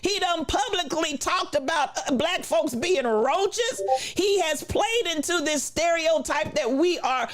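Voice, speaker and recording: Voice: extremely high pitch, animated, a little slow, hardly any pauses, a bit bright. Emphatic preachy commentator with a Black lilt.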